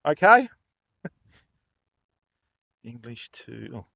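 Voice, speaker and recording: A man's voice: medium pitch, big pitch swings, drawn-out words, gravelly, bright, forceful tone, no echo. An older man hosting a fishing livestream, chatting casually and joking with viewers. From Australia. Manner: chatty, jokey, laughs often, addresses chat by name.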